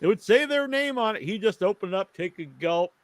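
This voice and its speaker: A man co-hosting a podcast who tells a rambling, animated story in a casual chat. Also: sits high, fairly quick, no room sound. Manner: animated, rambling, restarts often. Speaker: podcast co-host.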